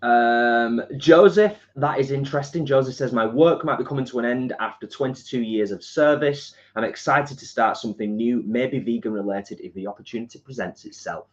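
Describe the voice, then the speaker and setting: A man's voice: medium pitch, moderate pace, few pauses. A man, co-hosting a live stream in an upbeat way and reading out viewer comments. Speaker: co-host reading chat messages. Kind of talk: casual chat. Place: home kitchen. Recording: dull lo-fi sound.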